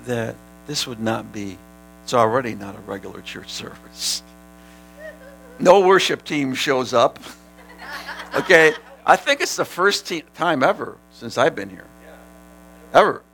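Gravelly, forceful male pastor preaching. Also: medium pitch, a little slow, pauses often, slight background noise, poor audio. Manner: animated, rising to shouts and laughing with the congregation. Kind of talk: sermon.

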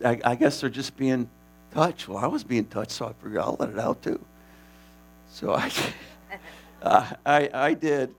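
A man casually telling the story of a preaching mission, animated and laughing, with many restarts. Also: sits high.

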